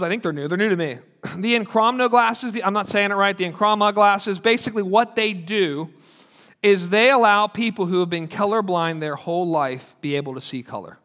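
An earnest pastor with a high, fairly bright voice preaches to his congregation in a conversational style, acting out the lines he quotes. Long hall reverb surrounds the recording.

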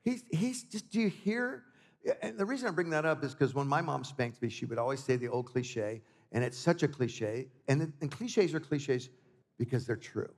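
A man preaching a sermon as a visiting pastor, an animated storyteller who mixes scripture with jokes and family anecdotes. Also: medium pitch, normal speed. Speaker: guest preacher. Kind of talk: sermon with personal stories and humor. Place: church sanctuary. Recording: reverberant church hall.

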